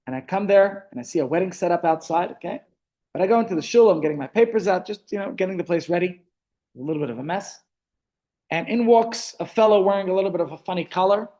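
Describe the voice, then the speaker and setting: A man, a rabbi telling stories in a relaxed class held over a video call, often stopping to restart his sentences. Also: high voice. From South Africa. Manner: chatty storytelling, frequent restarts. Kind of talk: online Torah class.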